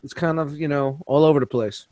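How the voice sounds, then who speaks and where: Man, podcast co-host, rambling, animated, casual swearing, dry sound. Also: on the high side, brisk, no echo. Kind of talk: casual chat.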